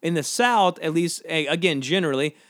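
A man's voice: on the high side, brisk, fairly bright tone, no room sound, studio quality. A man from the American South hosting a casual solo podcast, rambling and questioning himself with lots of fillers. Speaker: podcast host.

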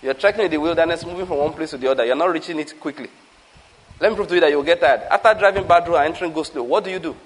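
A man with a Nigerian accent preaching a sermon, animated and repetitive with humorous asides. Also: a little high, very fast, slight background noise, poor audio.

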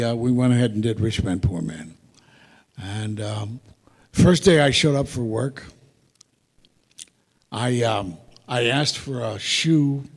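Older male guest speaker, gravelly, rambling anecdotal delivery, live in a reverberant hall. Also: medium pitch, a little mellow. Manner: rambling, self-interrupting anecdotes with wry asides. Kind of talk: storytelling Q&A before an audience. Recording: echoey hall, live audience talk.

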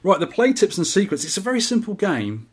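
A man's voice: high voice, big pitch swings, brisk, husky. A man hosting a podcast, explaining how an arcade game works in a laid-back, joking way. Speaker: podcast host. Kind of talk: casual podcast chat.

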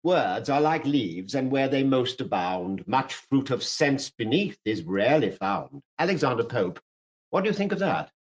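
A man's voice: medium pitch, sing-song, normal speed, natural voice, low-quality recording. A man playing a silky, taunting fire captain. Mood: mocking. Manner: smooth, taunting, theatrical. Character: silky, mocking male fire captain who loves quotations. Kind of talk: vintage radio drama acting.

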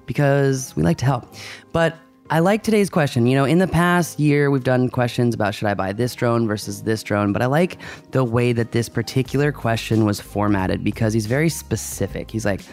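A man's voice: medium pitch, darkish tone. A man hosting a podcast in a casual, upbeat and rambling way. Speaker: podcast host.

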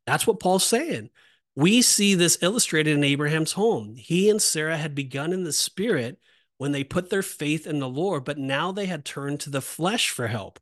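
Emphatic preaching man, fairly high voice. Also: expressive, moderate pace. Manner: emphatic, repetitive, rising on exhortations. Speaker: podcast host. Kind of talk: preaching Bible teaching.

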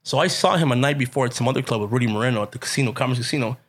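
A man telling stories as a guest on a casual chat, his voice sitting in a middling register. He is animated and profane, laughs through his punchlines and sprinkles in Spanish slang. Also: medium pitch, racing. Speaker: stand-up comedian, guest.

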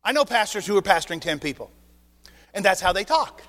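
Pastor, male, high voice, animated sermon delivery with acted-out exchanges, church hall reverb. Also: moderate pace. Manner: animated preaching with acted dialogue and rhetorical questions. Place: church sanctuary.

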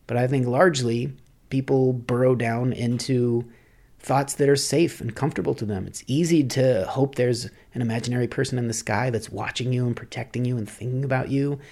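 Male podcast host, gravelly, reflective rambling monologue. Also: mid-range voice, a little mellow. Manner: musing, rambling, philosophical.

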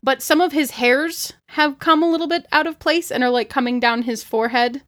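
A woman's voice: sits high, fairly quick, fairly bright tone. A woman playing a tabletop game, chatting casually and playfully while describing her character. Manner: playful, laughs often. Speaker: player.

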